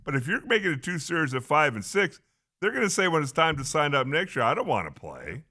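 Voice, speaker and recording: Older man, co-host, easygoing, bright forward tone, voice sits a little high. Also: sing-song, fast. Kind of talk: casual chat.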